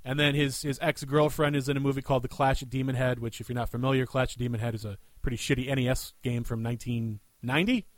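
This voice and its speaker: A man's voice: medium pitch, fairly even intonation, quick pace, few pauses, no room sound. A man co-hosting a podcast in casual chat, easygoing and often repeating words as he restarts. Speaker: podcast co-host.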